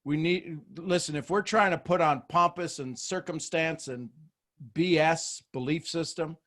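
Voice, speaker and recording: A man hosting a leadership video call, joking, animated and preacher-like. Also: on the high side, a little slow. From Texas, USA. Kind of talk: motivational talk on a group call.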